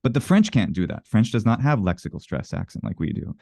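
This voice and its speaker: A man's voice: lowish voice, sing-song, fairly quick, vocal fry, warm tone, dry recording, clean studio sound. A man being interviewed in a casual conversation, explaining his views at length with earnest self-corrections. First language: English. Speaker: interview guest.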